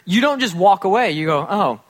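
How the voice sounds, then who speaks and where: A man's voice: sits high, lively intonation, fairly quick. A man preaching a casual, humorous sermon to a congregation, acting out little quoted scenes as he goes. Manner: casual, joking, acts out quotes. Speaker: pastor. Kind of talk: conversational sermon.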